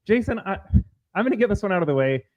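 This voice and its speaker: Male co-host, slightly high voice, blunt ranting delivery, lo-fi stream audio. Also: very animated, quick pace. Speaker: podcast co-host. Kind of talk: political talk show banter.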